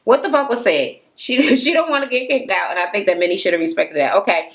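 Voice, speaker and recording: Chatty, animated woman gossiping. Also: mid-range voice, fast. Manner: chatty and gossipy, with frequent fillers and profanity. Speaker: reality TV recap vlogger. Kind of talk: casual rambling recap.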